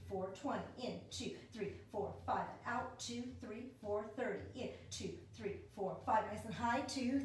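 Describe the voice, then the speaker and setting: A woman leading a home pilates class, counting reps and cueing breaths in an encouraging way. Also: a little high. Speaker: pilates instructor. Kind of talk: guided exercise class. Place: dining room at home. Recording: very echoey room, distant mic, faint noise.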